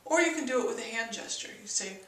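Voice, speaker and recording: A woman with a bright, forceful, somewhat high voice explains persuasion techniques to her viewers. She keeps breaking off to act out example lines with shifting tones. She sounds set back from the mic in an echoey room. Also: animated, fast talker, far from the mic. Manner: demonstrates tone shifts in example sentences. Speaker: persuasion teacher. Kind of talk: instructional video talk.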